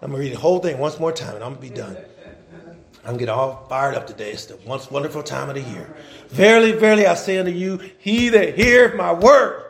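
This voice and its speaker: A man's voice: on the high side, animated, quick pace, creaky. A man preaching a sermon, fervent and calling out to the congregation, stretching out scripture readings and breaking into chuckling asides.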